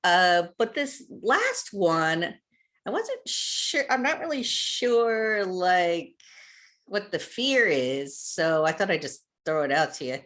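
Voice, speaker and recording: A woman's voice: fairly low pitch, big pitch swings, takes it slowly, a bit bright. A woman calling in to ask about her son, hesitant and full of fillers. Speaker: caller, parent. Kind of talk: call-in question.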